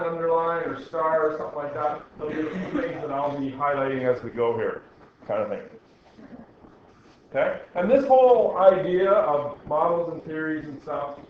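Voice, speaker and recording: A middle-aged man lectures a science class, reading a passage aloud and breaking off to explain it, with a dry teacherly joke now and then. His voice sits a little high for a man. The recording is dull and muffled, with strong classroom echo. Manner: reads a text aloud and pauses to explain, with dry teacherly jokes. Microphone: recorder in the room. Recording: very echoey, dull classroom recording with faint noise.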